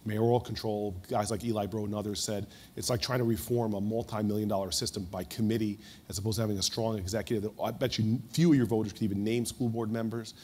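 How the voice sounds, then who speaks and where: A man speaking on a conference panel, telling a story quickly and with animation, often restarting his words. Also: lowish voice, fairly even intonation, mellow. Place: stage at a conference before an audience.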